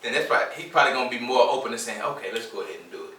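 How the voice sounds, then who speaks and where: Brief: male podcast co-host from Houston, fast animated storyteller, recorded off-mic in a roomy space. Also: medium pitch, slight background noise. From Houston, Texas. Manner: animated storyteller acting out quoted dialogue. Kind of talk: casual group chat. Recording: echoey room, mic at a distance.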